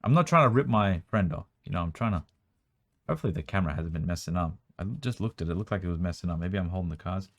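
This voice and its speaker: A young man with a strained, worn-out voice, chatting quickly as he sorts through a card collection at home, with bursts of excitement. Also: low voice. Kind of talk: casual running commentary while sorting cards. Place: room at home.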